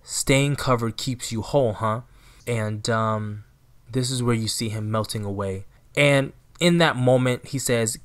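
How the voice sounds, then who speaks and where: A man's voice: medium pitch, measured pace, smooth. A man in casual recap commentary, talking straight to his viewers and often checking in with "right?" and "you know". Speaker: anime recap channel host.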